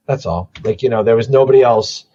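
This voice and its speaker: A man's voice: medium pitch, fairly quick, dark tone, muffled recording. A man talking casually on a podcast, rambling and swearing as he tells wrestling stories. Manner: rambling, profane, trailing into mumbles.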